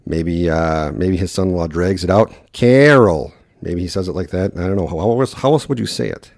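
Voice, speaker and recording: A man from Wisconsin with a Wisconsin accent, hosting a casual solo podcast in quick, rambling talk full of fillers. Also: sits low, vocal fry, mellow, no echo, clean studio sound. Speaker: podcast host.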